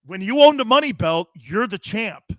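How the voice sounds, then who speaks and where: A brash, loud middle-aged man hosts a sports talk show, riffing and ranting straight at his viewers. His voice sits a bit higher than most men's. The sound is close and dry, with no room around it. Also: animated, moderate pace, no room sound. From US Northeast. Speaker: sports radio host.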